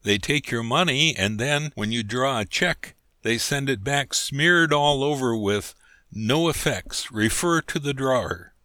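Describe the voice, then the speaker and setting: A man's voice: mid-range voice, measured pace, pushed and bright, no room sound, studio quality, pitched above the performer's own voice. A man voicing an indignant young man who rants and complains on a river trip in a storybook reading. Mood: grumbling. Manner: ranting, complaining.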